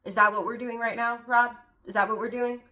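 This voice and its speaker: A woman's voice: a little high, level tone, a little fast, sharp tone. Sarcastic, indignant woman podcast host. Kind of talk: reaction commentary.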